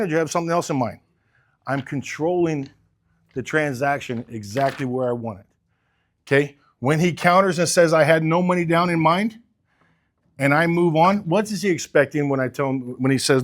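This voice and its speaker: A middle-aged man running a sales training, with a fairly high-pitched voice for a man. He talks bluntly and with animation, swears casually, keeps quizzing the group, and acts out both sides of a customer talk. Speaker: sales coach.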